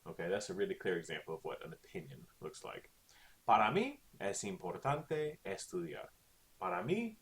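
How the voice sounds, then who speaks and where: Male teacher, low voice with lively swings, chatty and explanatory, recorded at a desk. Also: gravelly. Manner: chatty, explains with frequent "okay?" checks. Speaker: Spanish teacher. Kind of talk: recorded online lesson.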